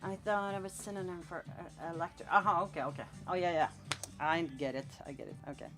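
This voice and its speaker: Painting in a cold room at home, a Scandinavian tattoo artist in her forties chats on a late-night live stream, rambling and encouraging with plenty of "like." Over music, her lowish voice holds a steady tone at a quick pace.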